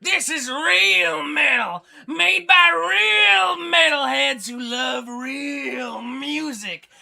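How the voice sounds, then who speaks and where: A man voicing a loud, brash, macho thrash-metal fanatic who yells every line. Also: very high-pitched, expressive, drawn-out words, voice pushed up, full character voice. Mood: hyped. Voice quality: bellowing, yelling, gruff bravado.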